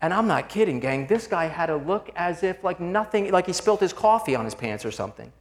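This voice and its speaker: Guy preaching, kinda high voice, chatty and earnest, calls everyone gang. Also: lively intonation, fairly quick. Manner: conversational, addresses listeners as "gang"; earnest and confessional, mixing personal stories with scripture. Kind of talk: sermon.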